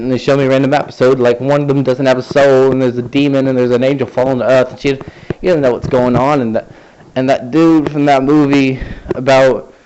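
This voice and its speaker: A man's voice: medium pitch, darkish tone, slight background noise. Rambling sarcastic man, lo-fi sound. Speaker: vlogger. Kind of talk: rambling casual storytelling.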